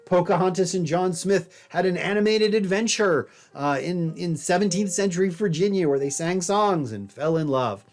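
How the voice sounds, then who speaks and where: Brief: male professor, wry conversational lecture, slightly high voice. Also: moderate pace, few pauses. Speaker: history professor. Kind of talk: recorded lecture. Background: faint jazz piano.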